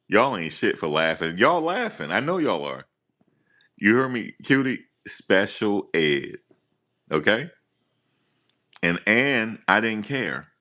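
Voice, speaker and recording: Low-voiced man ranting on a live stream. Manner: animated, teasing, talks straight to viewers. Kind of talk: casual live-stream rant.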